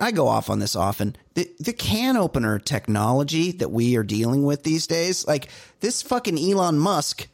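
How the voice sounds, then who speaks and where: A man's voice: sits high, no room sound, studio quality. A man co-hosting a comedy podcast in casual chat, sarcastic and given to profane rants. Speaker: podcast co-host.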